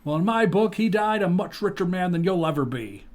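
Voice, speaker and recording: A man's voice: high-pitched, animated, brisk, pitched above the performer's own voice. A podcast host putting on the voice of an earnest, defiant young man who keeps stammering and restarting, in a comic dramatic reading. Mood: indignant. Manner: stammers and restarts, pleading and indignant. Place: podcast studio.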